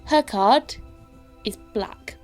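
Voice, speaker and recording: A woman's voice: a little high, drawn-out words, darkish tone, faint music behind, rough recording. Woman narrating as game master.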